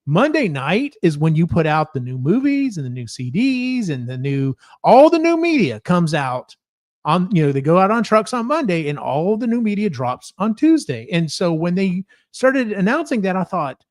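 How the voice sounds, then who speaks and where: Man, podcast host, rambling, swears a lot, slightly high voice, dry close mic. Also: very animated, normal speed, dry recording. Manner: rambling, swears freely, mimics others. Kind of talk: casual podcast chat.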